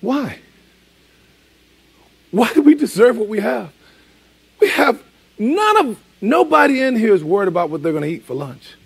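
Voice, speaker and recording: Husky pastor guy in his 40s preaching, chatty but punchy, repeats himself for emphasis. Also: very high-pitched, very animated, normal speed, pauses often. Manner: conversational, emphatic, repeating key phrases. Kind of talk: sermon.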